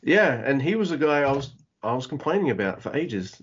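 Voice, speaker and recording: A man's voice: fairly low pitch, lively intonation, a little fast, creaky, breathy edge. A man co-hosting a casual wrestling podcast, laughing often and swearing freely. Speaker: podcast co-host. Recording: muffled lo-fi podcast audio.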